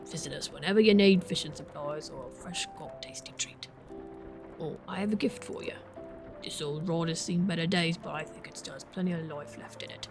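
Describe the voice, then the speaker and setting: A woman doing a gruff old fishmonger. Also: low-pitched, brisk, music in the background. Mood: folksy. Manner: folksy, encouraging. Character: gruff older male fox-like fishmonger, kindly.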